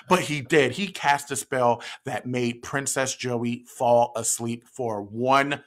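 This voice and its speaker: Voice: medium pitch, unhurried, few pauses. A library story time host leading an interactive children's story with songs, prompting the audience to join in. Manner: animated, prompts kids to join in and sings.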